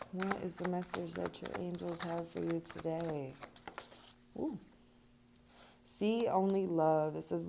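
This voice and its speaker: A woman's voice: lowish voice, vocal fry, warm tone. A young woman giving a casual tarot and angel card reading to her viewers, chatty and laughing often, swearing now and then. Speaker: tarot reader.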